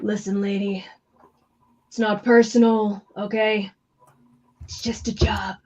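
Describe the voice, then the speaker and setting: A woman voicing a desperate, bloodied male assassin who yells brusque orders. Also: sits high, level tone, slow pace, highs cut off. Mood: cold dismissive. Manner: shouting, urgent, brusque.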